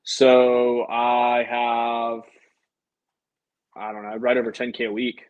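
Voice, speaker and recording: A man's voice: mid-range voice, monotone, slow pace, a little mellow, smooth, highs cut off. A young man, an insurance sales agent, chatting casually with a livestream audience between phone calls to prospects. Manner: chatty, upbeat, talks to viewers and then dials prospects.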